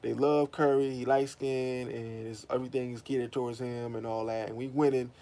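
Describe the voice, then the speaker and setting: A man delivering a blunt, profane commentary monologue in a casual, animated way. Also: medium pitch, a little fast. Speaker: host.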